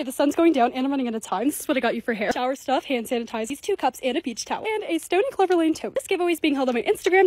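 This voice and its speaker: A woman's voice: high-pitched, darkish tone. A young woman narrating her lifestyle vlog in a chatty, bubbly, self-deprecating way. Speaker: lifestyle creator. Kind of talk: casual voice-over vlog narration.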